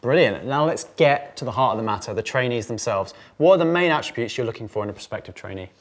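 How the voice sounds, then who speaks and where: Very low-voiced woman, quick and breezy. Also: animated. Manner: breezy, playful questioning. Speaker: interviewer. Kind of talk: casual interview questions.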